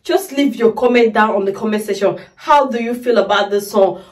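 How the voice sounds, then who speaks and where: A woman's voice: mid-range voice, a little fast, distant mic. Tearful, effusive woman vlogger. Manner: effusive, repeats exclamations, keeps calling viewers "guys". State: tearful, crying. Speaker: music reaction video host. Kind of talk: emotional reaction vlog.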